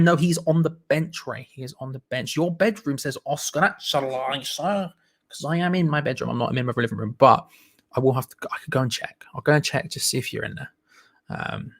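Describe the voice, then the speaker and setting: A man's voice: medium pitch, fairly bright tone. A young man, hosting a casual live stream from his living room and reading out viewer comments with jokey asides. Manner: chatty, jokey, quick asides.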